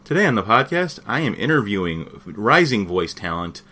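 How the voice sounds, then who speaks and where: A man's voice: lowish voice, big pitch swings, normal speed, sharp tone. A young man hosting a podcast and interviewing a guest in an earnest, friendly way. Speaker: podcast host.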